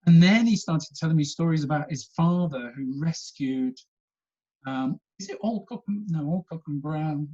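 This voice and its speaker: A man's voice: fairly high pitch, normal speed, a little mellow, lo-fi sound. A man telling stories animatedly as a guest, laughing often. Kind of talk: casual storytelling chat.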